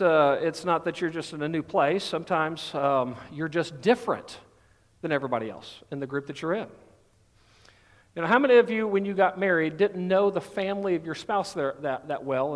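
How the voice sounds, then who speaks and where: A man's voice: a little high, a little fast, long reverb tail. A middle-aged man from Texas with a light Southern accent, preaching a sermon in a folksy, conversational way with many fillers. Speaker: pastor.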